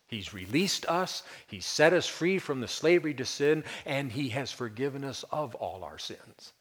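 A man's voice: on the low side, in a large hall. A man preaching a conversational, emphatic expository sermon as a pastor. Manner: conversational, emphatic, with brief chuckles.

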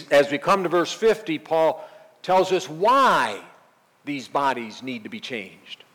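A man's voice: on the high side, fairly bright tone, long reverb tail. A man preaching a verse-by-verse sermon, teaching earnestly and emphatically, repeating key phrases. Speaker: pastor.

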